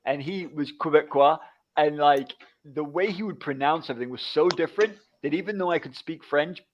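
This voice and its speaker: A British man in his forties co-hosts a podcast, chatting casually and telling stories as an animated storyteller who acts out what other people said. His voice is on the high side and brisk, captured in dull lo-fi audio with slight background noise.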